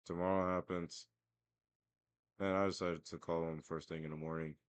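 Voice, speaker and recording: A man's voice: low voice, flat delivery, moderate pace, clean tone, no echo. A young man telling a story as a casual, profane, self-mocking rant. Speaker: vlogger.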